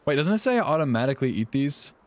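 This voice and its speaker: Excitable male streamer with lively pitch. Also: fast. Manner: excitable, talks to the game's characters. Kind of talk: live gameplay commentary.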